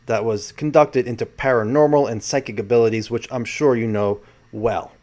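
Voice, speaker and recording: A man puts on an eager older New Yorker with a thick New York accent. The voice sits well above his own, loud and pushing forward, keen to jump into the talk. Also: mid-range voice, fairly even intonation, moderate pace, close to an everyday voice.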